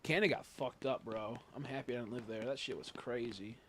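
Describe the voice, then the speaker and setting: A man's voice: medium pitch, a little fast, fairly bright tone, a little hiss or hum. A young man in casual live-stream chat, rambling and swearing as he talks to his viewers.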